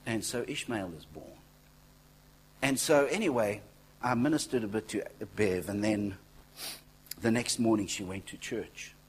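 A man preaching a sermon, telling stories in a conversational way, dropping to near-whispers and then rising to loud exclaiming, with asides to the congregation. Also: fairly low pitch, expressive, measured pace, pauses often, husky, low-quality recording. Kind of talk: sermon with storytelling.

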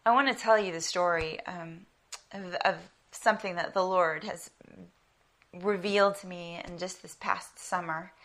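A woman preaching a conversational sermon. She tells stories with animation, laughs lightly as she talks, and drops to a soft whisper for emphasis. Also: on the low side, steady tone, unhurried. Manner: laughs lightly while speaking. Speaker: women's Bible teacher.

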